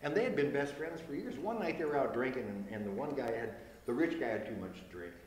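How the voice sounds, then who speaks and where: An older man telling jokes to a small group of friends, relaxed, acting out the characters in quick quotes. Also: mid-range voice. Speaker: joke teller. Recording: echoey reverberant room, light noise.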